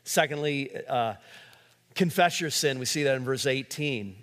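A male pastor preaching a sermon in a relaxed conversational way, with frequent fillers and restarts. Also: medium pitch, moderate pace, big-room sound.

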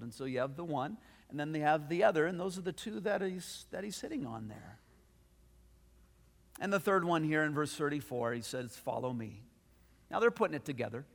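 A man pastor preaching a sermon, telling a story with animated delivery and frequent restarts. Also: fairly high pitch, creaky, long reverb tail.

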